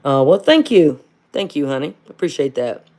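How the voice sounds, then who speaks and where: A woman's voice: sits low, sing-song, moderate pace, warm tone. Blunt woman. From southern Ohio. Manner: blunt, calls everyone honey, many filler uhs. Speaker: livestream host. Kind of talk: casual livestream, reading viewer comments.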